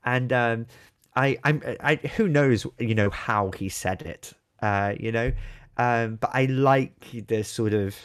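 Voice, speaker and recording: A man co-hosting a podcast in casual chat, playful and animated, acting out quotes as he talks. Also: mid-range voice, takes it slowly, smooth. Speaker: podcast co-host.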